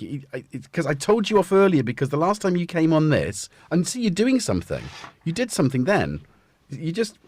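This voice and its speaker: Male streamer, low husky voice, very animated delivery, loose rambling chat with his pets. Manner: rambling, chatty, keeps talking to his cats. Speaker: livestream host. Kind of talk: casual live-stream chat. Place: home music studio.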